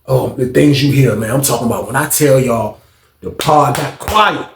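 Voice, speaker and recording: A man telling a story in a casual, animated, slangy and profane way. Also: mid-range voice, moderate pace, gravelly, roomy sound, slight background noise.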